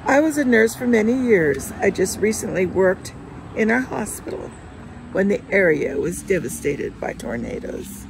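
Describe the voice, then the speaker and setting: Woman reading outspoken ex-nurse, earnest insistent delivery, gravelly edge. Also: medium pitch, very animated, moderate pace, background noise.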